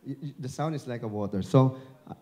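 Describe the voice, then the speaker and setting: Filipino man, mid-pitched, mellow tone, speaking to an audience: chatty, encouraging, joking, on a handheld mic. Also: quick pace. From Philippines. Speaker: dubbing director and broadcaster giving a talk. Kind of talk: live speech at an event. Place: event venue before an audience. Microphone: handheld microphone held at the chin.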